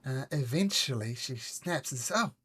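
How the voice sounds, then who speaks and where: A woman narrating as game master of a tabletop game on a voice call, relaxed and chatty, with many fillers. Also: extremely low pitch, a little slow, breathy edge. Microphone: computer mic on a voice call.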